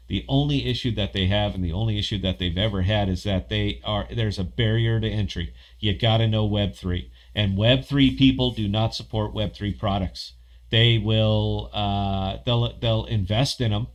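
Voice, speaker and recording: A man hosting a casual livestream podcast, rambling, profane and excitable as he talks. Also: on the low side. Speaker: podcast host.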